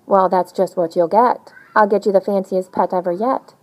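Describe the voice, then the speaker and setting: A woman reading a rhyming picture book aloud in an animated, sing-song storytelling manner. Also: mid-range voice, normal speed, low-quality recording. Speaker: storybook reader.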